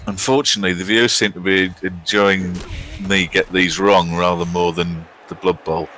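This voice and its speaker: A man's voice: low-pitched, flat delivery, moderate pace, sharp tone, slight background noise, low-quality recording. A middle-aged British man commentating on a live game stream and reading out viewer chat in a chatty, wry, self-mocking way. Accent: British English.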